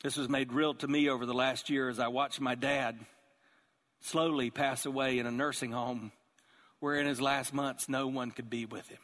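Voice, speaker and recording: A man preaching a sermon as pastor, telling the story with animated, acted-out voices. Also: mid-range voice, moderate pace, big-room sound. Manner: animated storytelling, acting out characters.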